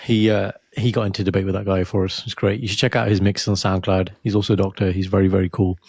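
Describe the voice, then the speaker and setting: A man's voice: low voice, level tone, fast, vocal fry, a little mellow, breathy edge, no room sound. A man co-hosting a podcast, chatting casually and playfully teaching words with jokes. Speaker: podcast co-host. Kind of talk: casual chat.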